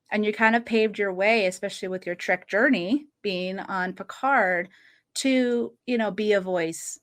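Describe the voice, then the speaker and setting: A woman's voice: mid-range voice, a bit bright. A woman in her late thirties hosting a podcast, talking earnestly in casual conversation and often breaking into short laughs. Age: 30s. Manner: earnest, laughs often while telling a story. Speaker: podcast host.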